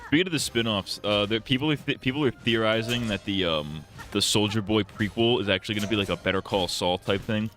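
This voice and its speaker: A man's voice: on the low side, fairly quick, few pauses, a bit bright, faint music behind. A man streaming live, chatting casually in a profane, rambling, jokey way full of restarts.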